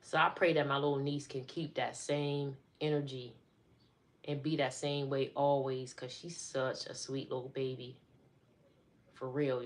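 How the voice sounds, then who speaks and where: A middle-aged woman chatting casually on a live stream, talking to her viewers as y'all. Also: extremely low pitch.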